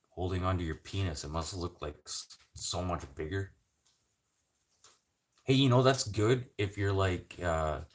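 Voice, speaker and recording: A man from Canada hosting a casual livestream chat, swearing freely and rambling between topics with sudden loud bursts. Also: deep voice. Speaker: livestream host.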